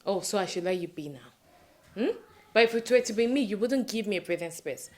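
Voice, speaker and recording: A woman's voice: medium pitch, animated, a little fast, a little mellow, natural voice. An actress playing a persistent woman who presses her sister with reproachful questions.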